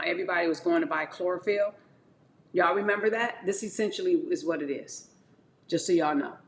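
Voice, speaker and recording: A woman chatting casually to her viewers as she juices and drinks wheatgrass shots, calling them y'all and talking in animated bursts. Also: fairly low pitch, roomy sound, a little hiss or hum. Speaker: wellness vlogger. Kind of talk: casual chat to camera.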